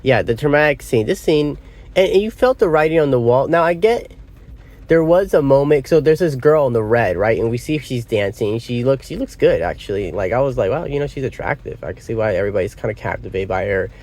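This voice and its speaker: A man talks loosely through a movie he loved, wandering off track and circling back with lots of ums and "you know." He speaks at an ordinary pitch, recorded on a small device. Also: lively intonation, fairly quick, darkish tone. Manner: rambling, loses his train of thought, many fillers. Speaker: movie reviewer. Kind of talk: casual spoken film review. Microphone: phone or small device.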